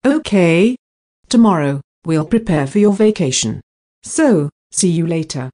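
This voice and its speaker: A woman reading simple scripted practice dialogues in a slow, even textbook delivery. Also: on the low side. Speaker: dialogue reader for English practice.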